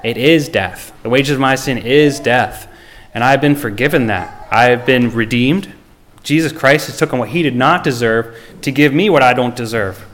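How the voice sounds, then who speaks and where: A man's voice: mid-range voice, moderate pace, a bit bright. Guy preaching a sermon, earnest, lots of ums and restarts, bit of faint noise in the background. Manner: earnest, plain-spoken, with frequent ums and restarts; reads scripture aloud in old-fashioned wording. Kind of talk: sermon with scripture reading and closing prayer.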